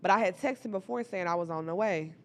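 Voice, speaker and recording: Speaking quickly in a lowish voice, a young woman shares a personal story with her viewers. She's animated and casual, swears freely, and often addresses the audience directly.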